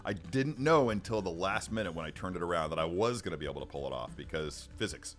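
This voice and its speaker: There's faint music behind this middle-aged livestream host, who speaks into a studio microphone. His low-pitched, expressive voice moves quickly as he rambles casually, restarting frequently and chuckling a little while reading the chat.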